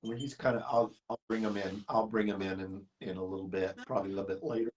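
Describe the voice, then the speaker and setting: A man appearing as a guest artist on a live video call, relaxed and easygoing in casual chat. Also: fairly low pitch, fast, muffled recording, slight background noise. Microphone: webcam or computer mic on a video call.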